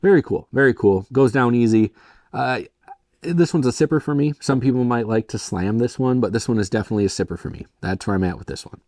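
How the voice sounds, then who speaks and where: A man's voice: mid-range voice, fast, darkish tone, no echo, studio quality. A young man from Michigan hosting a casual solo beer review, rambling and self-deprecating, full of "like" and "kind of". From Michigan, USA. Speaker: beer reviewer, show host.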